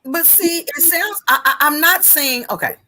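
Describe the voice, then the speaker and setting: A woman's voice: sits high, normal speed, bright, forceful tone, a little hiss or hum. A woman co-hosting a casual podcast discussion, hesitant and restarting her sentences. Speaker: podcast co-host.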